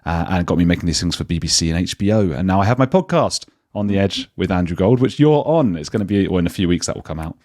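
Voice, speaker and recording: A deep-voiced British man chats as a guest over a video call, lively and self-mocking, tripping over his words and restarting them. The sound is dry and close, with no room around it. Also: fast talker, hardly any pauses, dry recording. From Britain. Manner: animated, self-deprecating, restarts often. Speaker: guest, journalist and podcaster. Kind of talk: casual interview conversation.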